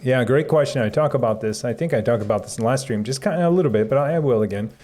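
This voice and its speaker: Mellow-voiced man rambling on a live stream. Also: mid-range voice, fast talker, soft background music. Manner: rambling, chuckling, reading chat aloud. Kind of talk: casual live-stream chat.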